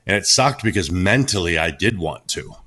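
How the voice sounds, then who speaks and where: A man's voice: low voice, lively intonation, normal speed, sharp tone, breathy edge. A man who coaches clients, talking bluntly and laid-back on a podcast, with casual swearing.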